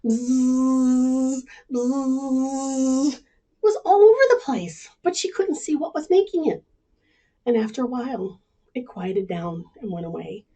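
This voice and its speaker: A woman librarian telling stories to children at home, animated and inviting them to join in. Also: a little high, normal speed, slightly rough. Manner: animated, speaks to kids at home. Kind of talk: children's storytime reading.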